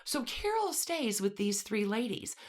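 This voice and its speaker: A woman's voice: fairly high pitch, big pitch swings, unhurried, crowd noise. A woman co-hosting a podcast, casually telling a story with conversational, dry asides. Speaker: podcast co-host.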